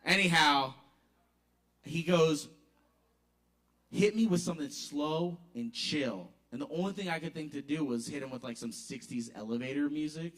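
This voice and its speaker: A man tells a comic story from the stage of a small bar, talking casually and slipping into the other people's voices. His voice is bright and forceful, sitting a little high. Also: moderate pace. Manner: casual, conversational, acts out voices. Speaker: open mic performer. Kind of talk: comic storytelling at an open mic.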